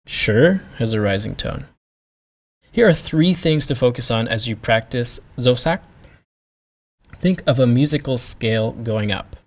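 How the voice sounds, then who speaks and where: A man's voice: medium pitch, fairly bright tone. A man teaching pronunciation, carefully demonstrating each sound. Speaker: language teacher. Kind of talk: pronunciation lesson.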